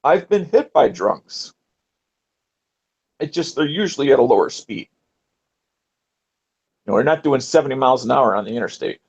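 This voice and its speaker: A man's voice: mid-range voice, animated, normal speed, long pauses, husky. A man in casual chat, matter-of-fact and giving advice. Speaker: voice chat participant. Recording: dull lo-fi voice chat.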